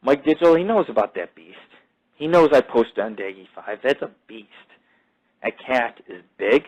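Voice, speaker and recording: A man holds forth on his own show in a loose, wandering monologue, his pitch sitting in an ordinary middle range. He swears freely and drifts from one tangent to the next. He stumbles through repeated fillers and sentence restarts. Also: lively intonation, moderate pace, a little mellow, poor audio. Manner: profane, digressive, self-mythologizing. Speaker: podcast host. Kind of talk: rambling casual monologue.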